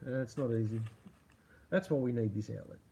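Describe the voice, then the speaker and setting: A man's voice: medium pitch, a little fast, gravelly, warm tone, slight background noise. A middle-aged man hosting a casual livestream and talking to his chat, rambling and profane, laughing often and sarcastic. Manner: sarcastic about media. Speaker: livestream host reading chat.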